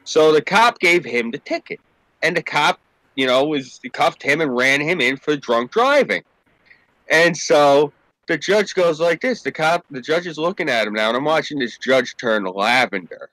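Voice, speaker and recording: A man with a bright, ringing voice tells a story at a relaxed pace among friends. He acts out the voices of the people in it and swears freely. The recording sounds close and dry. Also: a little high, moderate pace, no echo, low-quality recording. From New York State. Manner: animated storyteller acting out quoted voices. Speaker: podcast co-host.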